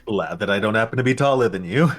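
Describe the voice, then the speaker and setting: A man's voice: lowish voice, animated, fast. A man playing a chatty, friendly adventurer. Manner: easygoing, sociable.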